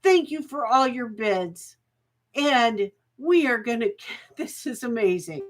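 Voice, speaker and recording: A woman's voice: a little high, lively intonation, slow. A woman hosting a live jewelry auction stream, chatty and folksy, laughing often and getting emotional.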